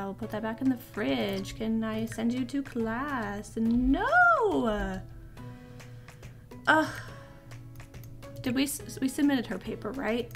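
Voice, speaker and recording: A woman giving casual let's-play commentary, chatty and excitable as she reacts aloud to the game. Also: on the high side, vocal fry. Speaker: gaming video creator.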